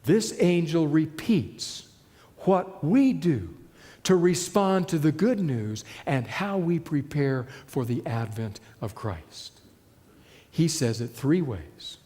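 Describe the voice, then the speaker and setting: A man preaching a sermon, moving from loud declaration to hushed emphasis. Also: fairly high pitch, lively intonation, slow pace, long reverb tail. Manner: dramatic shifts between loud and hushed delivery.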